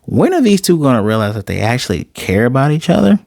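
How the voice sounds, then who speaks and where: A man's voice: mid-range voice, fast, gravelly, no room sound, clean studio sound. A man casually recapping an anime episode in his own voice, retelling it with energy and briefly acting out the characters' lines as he goes. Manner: animated, acts out characters' lines while retelling. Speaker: anime reviewer.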